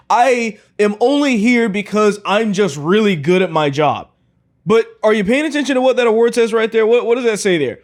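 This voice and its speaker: A man's voice: sits high, sing-song, moderate pace. A man hosting a reaction commentary, talking in an incredulous, mocking way and often repeating himself. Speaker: commentary host.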